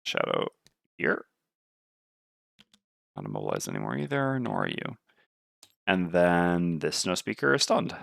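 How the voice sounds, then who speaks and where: Lively gravelly man thinking aloud. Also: deep voice, a little slow, pauses often, no echo, studio quality. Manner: muttering, weighing options aloud. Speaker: board game player. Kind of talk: thinking aloud while playing a board game.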